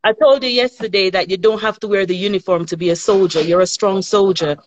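A woman soldier calling in to a live stream. She speaks in a gentle, encouraging way. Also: mid-range voice, fairly quick, dry recording. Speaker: caller, soldier. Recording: dull lo-fi call audio.

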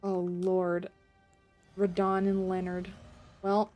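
Her pitch is fairly low and she takes her time, with faint music playing in the background. She's live-streaming a game, reacting in an excitable, panicky way and laughing and cursing a lot.

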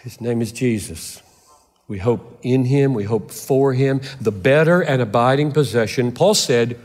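The reverberant hall of a large church carries an older man's sermon, delivered in a mid-range, darkish voice at a measured pace. The pastor is emphatic, repeating phrases to drive his points home.

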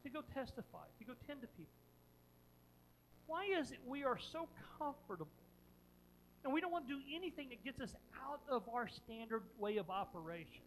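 A pastor preaching a sermon, retelling a story dramatically with repeated phrases, moving between loud emphasis and quiet earnest questions. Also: medium pitch, very animated, a little fast, a little hiss or hum, poor audio.

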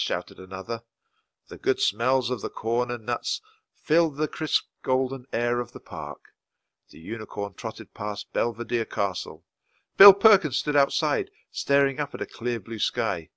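A man reading a children's storybook aloud at a natural, steady pace for learners. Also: lowish voice, a little slow, no echo. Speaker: reader.

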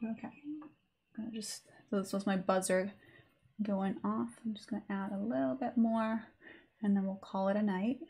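A woman's voice: mid-range voice, fairly even intonation, moderate pace, vocal fry, dark tone. A woman teaching a live online sketching lesson in a chatty, informal way with many fillers. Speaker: art teacher.

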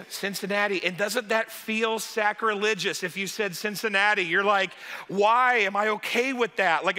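A man's voice: a little high, sharp tone. A man, a pastor opening a sermon in a chatty, joking manner with many asides. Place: large church hall. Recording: long church-hall reverb.

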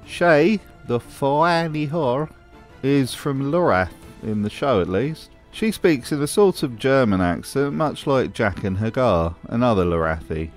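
A man's voice: mid-range voice, expressive, a little slow, soft background music. A man hosting a scripted commentary video, with a wry, sarcastic manner. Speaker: host.

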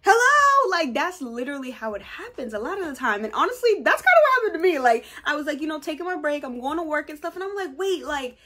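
Bubbly high-voiced young woman vlogger. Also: fast, hardly any pauses, soft background music. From New York, USA. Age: 20s. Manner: bubbly, excitable, breaks into laughs and squeals. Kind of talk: casual chat to camera.

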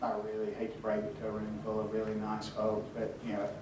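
A man tells wry, halting stories to an audience at a hotel event, full of restarts. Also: fairly low pitch, completely flat delivery, noisy background. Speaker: author speaking at a tribute event. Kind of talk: storytelling talk to an audience. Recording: echoey room from far off.

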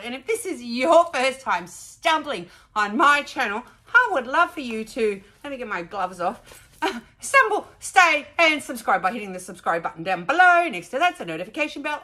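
A woman with an Australian accent chats brightly to her viewers from home. Her voice is sharp-toned and a little high, and she sounds slightly winded. She keeps things upbeat and casual. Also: expressive, normal speed. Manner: chatty, bubbly, talks to her pet between remarks. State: out of breath. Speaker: crafting vlogger. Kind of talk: casual chat to camera.

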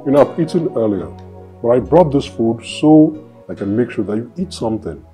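A man acting out a devout Nigerian husband gently pleading with his grieving wife in a film drama. His mid-pitched voice rises and falls a lot as he coaxes and reassures. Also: lively intonation, normal speed, faint music behind, lightly acted. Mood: coaxing.

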